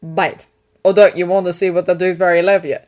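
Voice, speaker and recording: A woman voicing a male Easter Bunny guardian, firm, gentle and dry in manner. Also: on the low side, level tone, a little fast, natural voice. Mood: sly.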